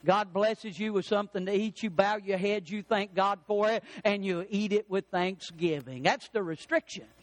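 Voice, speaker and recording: A man's voice: high voice, normal speed, hardly any pauses, no room sound. A man preaching a sermon, emphatic, drawing out the words he stresses.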